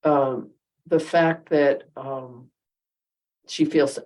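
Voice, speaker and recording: A woman's voice: sits low, moderate pace, a little mellow. A woman co-hosting a podcast, speaking in casual chat with emphatic, firm disapproval. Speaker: podcast co-host.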